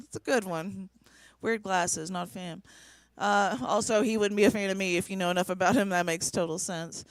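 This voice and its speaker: A woman's voice: mid-range voice, fairly even intonation, moderate pace, no echo. A woman in her forties doing a stand-up set, telling dating stories in a conversational way with dry punchlines. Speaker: stand-up comedian. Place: small comedy venue.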